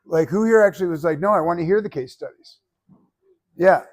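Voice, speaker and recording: A man coaching a public speaking class, giving feedback and telling stories in an animated way that acts out other people's voices. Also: high voice, fairly quick.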